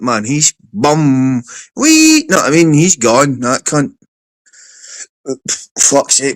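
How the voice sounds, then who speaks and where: A man's voice: mid-range voice, no room sound. A Scottish man hosting a livestream, chatting casually and telling stories with lots of swearing. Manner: sweary, animated storytelling. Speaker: livestream host. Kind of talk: casual stream chat.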